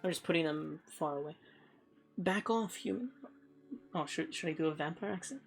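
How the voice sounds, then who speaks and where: A woman's voice: deep voice, steady tone, fast talker, gravelly, soft background music. A woman streamer giving casual let's play commentary, thinking aloud in a rambling, offhand way.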